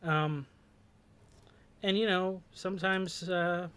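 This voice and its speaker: A man hosting a show thinks aloud about a song's lyrics, hesitant and full of fillers and restarts, in reflective commentary. His voice is high, clear, resonant and a bit bright, with a steady tone and a slow pace.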